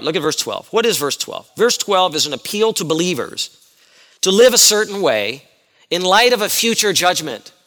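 A man's voice: a little high, bright, forceful tone, in a large hall. A male pastor giving an earnest expository sermon, explaining Greek words and asking his congregation questions.

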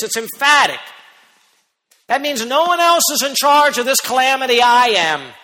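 A man preaching a sermon as pastor, who speaks emphatically and rises to near-shouts on key points. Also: high-pitched, in a large hall.

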